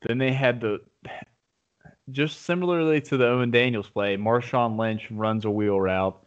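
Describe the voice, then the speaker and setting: A man in casual sports talk, telling a game story with excited, rambling restarts. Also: mid-range voice, normal speed. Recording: dull lo-fi audio.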